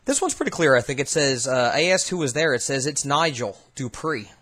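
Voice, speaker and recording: Man casually talking through recordings. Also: medium pitch. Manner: relaxed, halting, thinking aloud with fillers. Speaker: paranormal investigator host. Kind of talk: casual commentary reviewing recordings.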